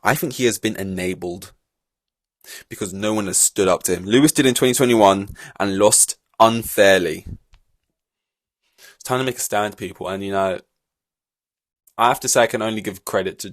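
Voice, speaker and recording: A man hosting a solo podcast, talking in a rambling, animated way full of fillers and restarts. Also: fairly low pitch. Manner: rambling and animated, many fillers and restarts, laughs between points. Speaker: podcast host. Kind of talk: solo casual podcast commentary.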